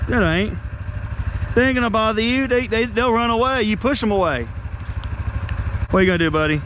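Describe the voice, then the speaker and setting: Casual dad vlogger, high voice, outdoor noise under him. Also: male voice, moderate pace, pauses often, fairly bright tone. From North Carolina, US. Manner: laid-back, joking, coaxing his son. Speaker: vlogger filming his son mudding. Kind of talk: casual vlog commentary. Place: outdoors at a muddy trail.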